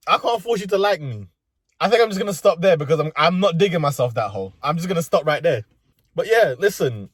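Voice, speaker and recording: A young London-accented vlogger delivers a comedic, profanity-laced rant full of street slang from inside a car. His voice is high, and the studio-quality recording has no echo.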